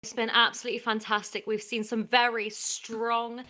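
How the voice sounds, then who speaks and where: A woman's voice: on the high side, little pitch movement, normal speed, bright, forceful tone. A woman voicing a grumpy old northern man who reports on sport, in improv comedy, with a put-on northern English accent and a blustering manner. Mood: ranting. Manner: blustering, old-fashioned rants.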